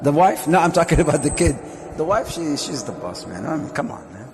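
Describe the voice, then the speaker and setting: A man, a sheikh, giving a lively mosque lecture, joking and putting questions to his audience. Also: a little high, a little fast, noisy background. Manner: jokey, asks the audience questions. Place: Islamic centre hall. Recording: long reverb of a hall.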